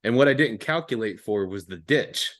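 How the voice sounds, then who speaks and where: A man's voice: lowish voice, lively intonation, normal speed, fairly bright tone. A young man hosting a podcast, telling a story casually with lots of swearing and slang. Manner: laid-back, profane, laughs often, fillers like "dude" and "man". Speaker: podcast host.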